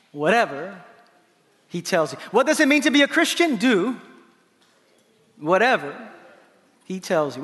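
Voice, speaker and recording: A male pastor preaching a sermon in an animated, playful way, acting out the lines he quotes. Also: high-pitched. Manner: animated, playful preaching with laughs and voiced asides. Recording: long hall reverb.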